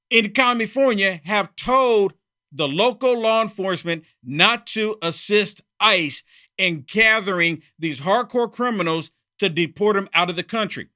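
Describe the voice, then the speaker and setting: A man's voice: sits high, bright, forceful tone. A man hosting a heated political opinion monologue, repeating himself and mocking opponents. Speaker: political commentary host.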